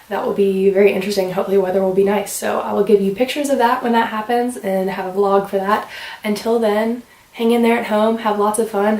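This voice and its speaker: A young woman from the United States rambles quickly through a casual vlog, full of fillers. Her voice sits at a middle pitch. It bounces around a roomy space and sounds a little distant from the mic. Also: darkish tone. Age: young adult. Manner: fast, rambling, lots of "like" fillers. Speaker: vlogger. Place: room at home.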